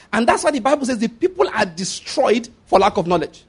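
A man's voice: high-pitched, sing-song, fast talker, hardly any pauses, husky. A man preaching a sermon, emphatic, repeating phrases and checking that listeners follow.

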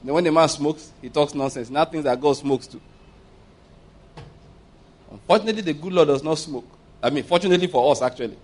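A man's voice: fairly high pitch, fairly quick, long pauses. A man preaching a sermon, emphatic and calling out for amens from the congregation. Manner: emphatic, asks the congregation for amens, laughs mid-point.

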